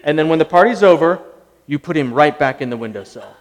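A man's voice: a little high, expressive, fast talker, in a large hall. A man putting on a fussy foreign bonsai seller. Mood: earnest. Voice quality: broken English in a thick put-on accent. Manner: insistent, instructive. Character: earnest foreign male bonsai grower, fussy and devoted.

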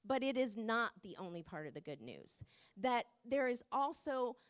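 A woman preaching a sermon in an earnest, measured way, with frequent pauses and fillers. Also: on the high side.

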